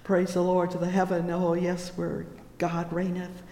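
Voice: medium pitch, monotone, measured pace, gravelly, dark tone. A preacher giving a fervent sermon, reading old-fashioned scripture and exclaiming praise between lines. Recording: echoey hall.

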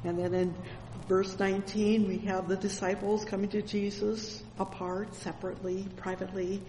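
A preacher delivering a fervent sermon, reading scripture aloud and filling the pauses with "oh yes" and "praise the Lord.". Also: mid-range voice, little pitch movement, mellow, slight background noise. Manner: reads scripture verses aloud. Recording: long church-hall reverb with faint ambience.

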